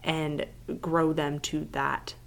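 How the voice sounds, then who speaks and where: A woman in her thirties co-hosting a podcast, telling stories in a chatty, animated way. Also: deep voice, slow, gravelly. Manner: chatty, animated storytelling with laughs. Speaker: podcast co-host. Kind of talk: casual chat.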